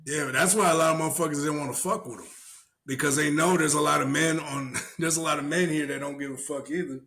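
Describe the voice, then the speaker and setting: A man co-hosting a casual podcast, talking in a profane, animated way and laughing often. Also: fairly high pitch, fast talker. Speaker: podcast co-host.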